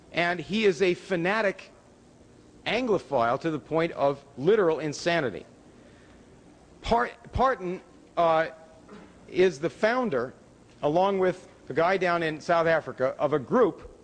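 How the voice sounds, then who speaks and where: A man giving a public lecture with slides, emphatic, with pitch rising on key words. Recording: hall reverb from a lecture room.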